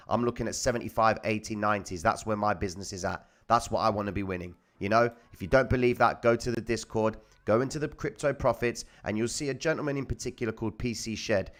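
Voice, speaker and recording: A man's voice: on the low side, fairly bright tone. A man hosting a trading live stream, teaching viewers in a casual, blunt way, swearing freely and repeating his points to the chat.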